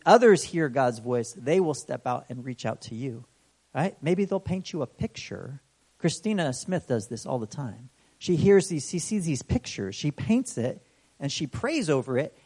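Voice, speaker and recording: A man's voice: on the high side, slightly rough. A man preaching a sermon in a conversational way, often checking in with "right?" and acting out the story's exclamations. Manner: animated storytelling with voiced exclamations.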